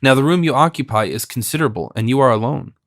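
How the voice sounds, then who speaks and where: A man's voice: medium pitch, fast talker, fairly bright tone, no echo, studio quality, natural voice. A man reading the part of a middle-aged innkeeper who speaks with anxious deference, rambling politely around his point. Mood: deferential.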